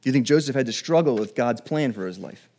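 A man preaching a sermon in a conversational way, acting out Bible dialogue in quick everyday voices. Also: medium pitch, expressive, a little mellow. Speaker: pastor.

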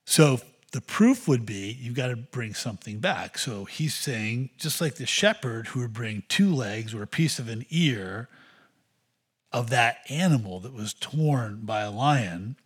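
A man's voice: mid-range voice, expressive, a little slow, breathy edge. A man preaching an expository sermon, teaching steadily through Scripture and rising into emphatic bursts.

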